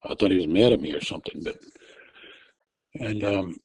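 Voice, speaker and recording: A man's voice: low-pitched, moderate pace, gravelly, breathy edge, no echo, rough recording. Man telling a gripping personal story. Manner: restarts often, raises his voice when retelling his shouts. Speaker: interview guest telling his testimony. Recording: audio only.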